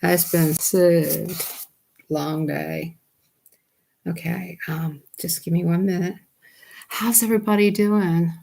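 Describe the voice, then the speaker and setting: A woman, hosting a casual livestream from home at night on a desktop computer mic. She chats excitably with her viewers and laughs often. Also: on the low side, slow pace, creaky, pauses often. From Southern United States. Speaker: livestream host.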